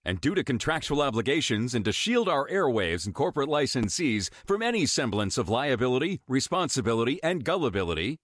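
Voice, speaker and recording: A man's voice: mid-range voice, fairly bright tone, dry recording, studio quality. A male announcer reading a tongue-in-cheek scripted introduction for a radio talk show.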